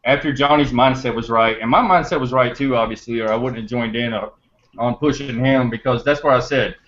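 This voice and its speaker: A man's voice: mid-range voice, a little fast, fairly bright tone. A man hosting a podcast, telling a story in a rambling, chatty way with laughs and fillers. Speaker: podcast host. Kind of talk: casual storytelling to listeners. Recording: dull lo-fi recording.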